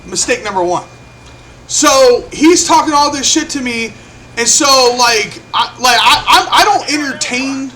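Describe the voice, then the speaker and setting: A young man with a very high, bright, sharp voice tells a story to the camera in a loose, cursing style. He acts out each person's lines as he goes. A faint hiss sits behind him. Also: unhurried. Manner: animated, profane, acts out quotes. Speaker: vlogger. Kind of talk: casual storytelling.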